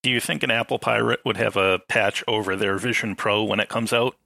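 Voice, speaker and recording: With a crisp, bright tone over a gravelly undertone, this man talks through ideas steadily on a laid-back podcast panel, occasionally dropping a dry joke. His voice is lowish with fairly even intonation, and the close-miked recording is dry.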